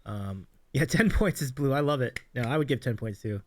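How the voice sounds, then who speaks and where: A man's voice: mid-range voice, expressive, a little fast. A man hosting a livestream, enthusiastically introducing clips and hyping them up. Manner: enthusiastic, hypes clips, many ums and restarts. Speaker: stream host.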